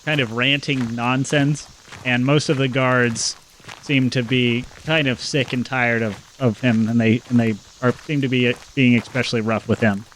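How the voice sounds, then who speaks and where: A man's voice: mid-range voice, steady tone, normal speed, fairly bright tone, slight background noise, rough recording. A man running a tabletop game as game master. He narrates casually, with loose phrasing and restarts.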